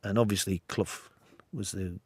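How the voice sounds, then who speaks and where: A man in his sixties with an English accent, a former footballer talking as a guest in a measured, reflective way. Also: low voice, steady tone, slightly rough, dry recording. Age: 60s. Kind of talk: casual podcast chat.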